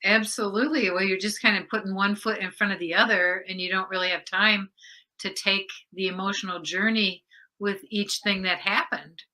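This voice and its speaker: Woman interviewer, bright tone, gentle and sympathetic, laughs easily. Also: mid-range voice, fairly even intonation. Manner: warm-hearted, quick to laugh, sympathetic. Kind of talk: conversational interview.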